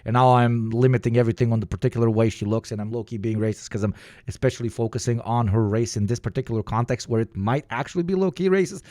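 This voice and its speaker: A man's voice: medium pitch, fast, warm tone, dry recording, clean studio sound. Rambling, profane male streamer. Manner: rambling, profane, laughing asides. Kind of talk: live reaction commentary.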